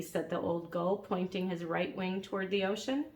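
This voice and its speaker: Woman calmly reading a storybook. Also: on the low side, normal speed, few pauses. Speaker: reader.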